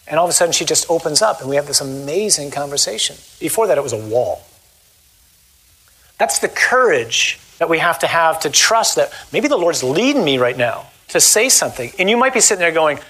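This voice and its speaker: A man, a Catholic priest, giving a lively talk and then leading a closing prayer, often acting out the voices he quotes. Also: fairly high pitch, a little fast, breathy edge, rough recording. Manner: animated, acts out voices in quotes.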